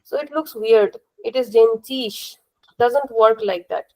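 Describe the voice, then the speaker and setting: Young female teacher, Indian accent, slightly high voice with gravelly fry, patient and repetitive classroom explaining. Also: moderate pace, darkish tone, low-quality recording. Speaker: language teacher.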